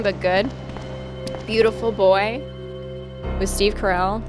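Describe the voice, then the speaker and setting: A woman's voice: medium pitch, normal speed. A young woman streaming a game, chatting casually, swearing freely and laughing often. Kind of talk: casual livestream chat while gaming. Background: game music.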